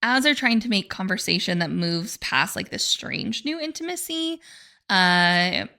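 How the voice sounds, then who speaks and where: A woman's voice: mid-range voice, animated, measured pace, bright, forceful tone. A woman hosting a book club podcast, recapping a novel in a chatty way and using lots of filler words. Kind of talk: casual chat, recapping a novel.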